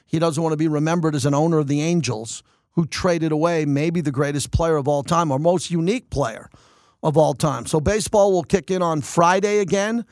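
A man hosting sports talk radio in an energetic, opinionated monologue. His voice sits a little high for a man, and the studio sound is dry and close. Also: a little fast, dry recording. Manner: energetic, opinionated, thinks aloud with restarts.

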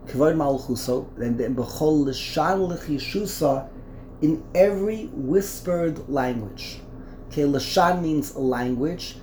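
A man's voice: mid-range voice, warm tone, echoey room, a little hiss or hum. A man teaching a Torah class, explaining a text line by line, often repeating and restarting words.

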